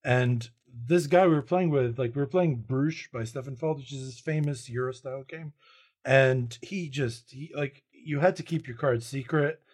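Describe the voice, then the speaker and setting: A man co-hosting a board game podcast, talking in casual, expressive chat and laughing readily. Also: medium pitch, normal speed. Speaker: podcast co-host.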